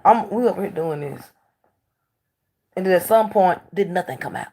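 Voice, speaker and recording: Swinging from energetic outbursts to murmured asides, this woman hosts a talk show and shares stories in blunt, candid casual chat. She speaks at an ordinary pace in a somewhat low voice.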